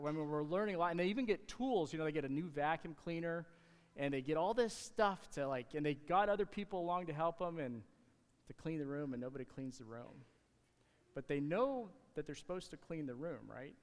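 Pastor preaching casually in a reverberant hall. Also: male voice, high voice, lively intonation. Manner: conversational, halting with restarts and fillers. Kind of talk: casual sermon. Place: church sanctuary.

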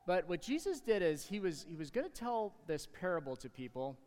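A man in his thirties preaching a casual, conversational sermon as pastor, halting with restarts along the way. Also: high-pitched, big pitch swings, darkish tone. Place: church sanctuary. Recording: long hall reverb.

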